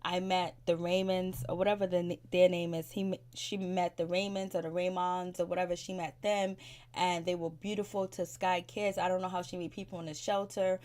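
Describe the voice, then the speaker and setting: A woman's voice: lowish voice, flat delivery, moderate pace, darkish tone. A woman giving a casual, opinionated recap of a TV episode, chatty and slangy, laughing often between her comments. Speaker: reality TV recap vlogger.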